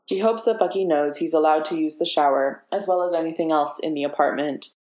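Low-voiced woman narrating a story. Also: a little fast, a little mellow. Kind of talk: audiobook narration of fiction. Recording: echoey room.

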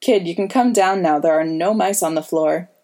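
A sardonic man in a cell cracks dry jokes with a lazy drawl, as a woman narrator puts him on. The tone stays warm and low in this audiobook. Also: moderate pace, natural voice. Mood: wry. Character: wisecracking, sardonic adult man prisoner.

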